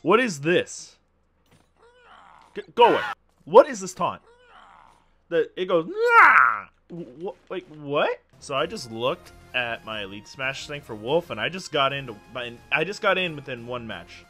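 Excitable man yelling through gameplay. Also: mid-range voice, normal speed, few pauses, faint music behind. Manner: excitable, yells and laughs at plays. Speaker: gaming channel host.

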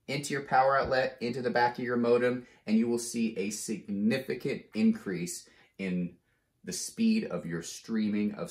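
A man hosting a casual how-to video, explaining each step slowly and checking in with "okay?" as he goes. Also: fairly low pitch. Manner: slow, deliberate step-by-step explaining; frequent "okay?" check-ins. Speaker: tech tutorial host. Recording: roomy, echoey room sound.

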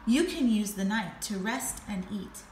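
A woman's voice: mid-range voice, expressive, unhurried, darkish tone, echoey room, slight background noise, close to an everyday voice. A woman voicing a dutiful male ostrich father in a storybook, earnest and declaring.

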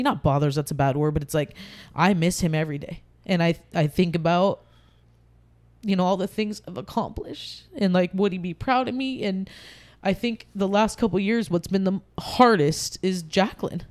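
A woman's voice: medium pitch, moderate pace. A woman speaking as a podcast guest, talking candidly and heartfelt about grief, rambling with frequent restarts.

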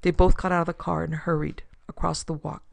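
A woman's voice: low voice, little pitch movement, a little fast, creaky, dry recording. A woman narrating a classic pulp detective story with dramatic storytelling for her podcast. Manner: dramatic storytelling, builds force in action scenes.

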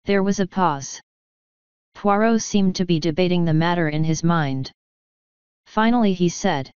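A woman narrating an audiobook, reading in a steady, even way. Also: lowish voice, a little slow, pauses often, smooth, no echo. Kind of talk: scripted narration. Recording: dull, dry lo-fi audio.

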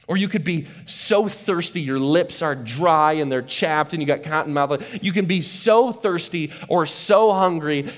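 A male pastor preaching a sermon to his church in a casual, animated way, often restarting and repeating words. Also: a little high. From not from West Michigan. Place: church auditorium.

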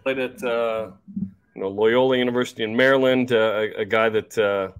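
A man's voice: medium pitch, a little fast, smooth. Easygoing male sports podcast host. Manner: relaxed, joking, frequent fillers. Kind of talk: casual sports podcast chat.

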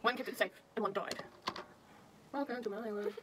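A young woman chatting playfully with a friend over makeup, often breaking into loud exclamations. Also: mid-range voice, steady tone, normal speed. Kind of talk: casual chat while doing makeup. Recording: noisy recording, a bit far from the mic.

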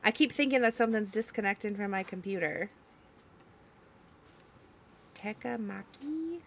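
A woman's voice: medium pitch, fast. A young woman streamer, reading chat aloud and giggling in casual talk.

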